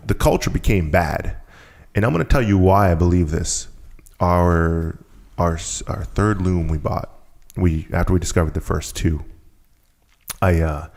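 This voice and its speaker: A man with a very low, gravelly voice tells a long story as a podcast guest. He talks casually and lifts his voice to act out the people he quotes. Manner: animated storyteller acting out quotes. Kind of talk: storytelling conversation.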